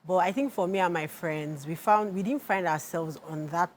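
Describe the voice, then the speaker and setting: A woman's voice: on the low side, normal speed, slight background noise. A Nigerian woman, an author and lawyer, answering interview questions earnestly and reflectively.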